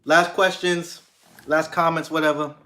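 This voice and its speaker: A man's voice: a little high, flat delivery, unhurried, pushed and bright. A young man hosting a livestream, chatting casually with viewers in a rambling way, with many restarts and fillers. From United States. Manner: laid-back, swears casually. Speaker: livestream host. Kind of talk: casual livestream chat reading comments.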